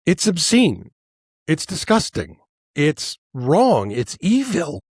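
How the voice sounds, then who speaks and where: A man's voice: on the high side, wildly swooping pitch, slow, breathy edge, dry recording, clean studio sound. A male podcast host delivering a heated, profane political monologue, worked up and angry, stammering and restarting as he goes.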